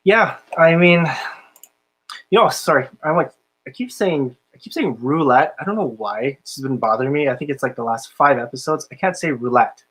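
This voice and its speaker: A man's voice: medium pitch, animated, moderate pace, fairly bright tone, husky, poor audio. Laid-back guy hosting a chat show, lots of likes and ums, laughs easy. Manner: laid-back, filler-heavy, laughs often. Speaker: podcast host, casino dealer. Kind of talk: casual chat.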